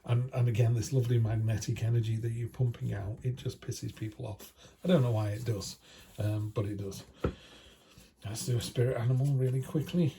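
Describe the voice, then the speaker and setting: A man's voice: mid-range voice, steady tone, a little fast, creaky, dark tone, slight background noise. A man with a British accent giving a chatty, down-to-earth weekly tarot reading to his viewers. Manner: chatty, down-to-earth, slangy asides. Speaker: tarot reader.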